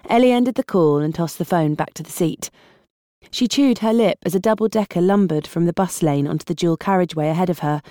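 A woman with a British accent reading an audiobook in an even, wry storytelling manner. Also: fairly low pitch, no room sound, clean studio sound. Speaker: audiobook narrator. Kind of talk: scripted narration.

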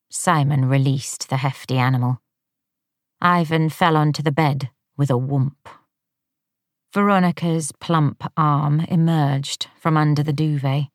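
Woman, audiobook narrator, deep voice, dry close sound, measured wry delivery. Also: fairly even intonation, dry recording.

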